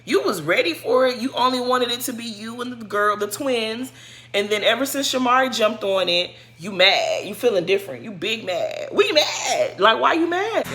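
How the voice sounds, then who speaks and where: Woman, bright tone, sassy and scolding, casual recap chatter. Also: a little high, moderate pace. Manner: sassy, scolding, animated slang. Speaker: show commentator. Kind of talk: casual reality-show recap.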